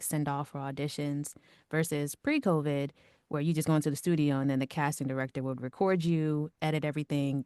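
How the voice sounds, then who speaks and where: A woman with a low, calm voice talks casually about her work in radio and voice acting. Her speech is relaxed and natural, full of "like" and "you know." The sound is dry and close, with no room echo. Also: clear, resonant tone. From Long Island and Georgia. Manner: chatty, lots of "like" and "you know". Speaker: radio producer and voice actor. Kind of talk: casual interview answers.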